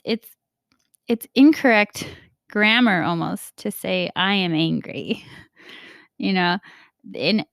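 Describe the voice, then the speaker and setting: Animated woman coach, dry close sound. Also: mid-range voice, gravelly, no echo. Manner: animated, laughs often, acts out quoted dialogue. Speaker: Catholic mindset coach and podcast host. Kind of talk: casual reflective podcast talk.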